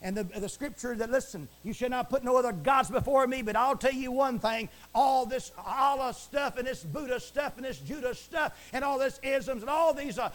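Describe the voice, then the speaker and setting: A man preaching a fiery broadcast sermon from the pulpit, swinging from shouts to hushed asides and repeating stock phrases. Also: very high-pitched, moderate pace, few pauses. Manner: repeats stock phrases like praise the Lord and it is written.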